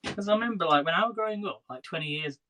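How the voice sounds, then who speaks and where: A man's voice: high-pitched, fast talker, sharp tone, slight background noise, poor audio. Chatty man cooking live in his kitchen. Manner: chatty, talks to viewers while cooking. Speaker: cooking livestream host. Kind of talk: casual live cooking chat. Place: home kitchen. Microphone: phone livestream. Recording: kitchen clatter and clicks behind.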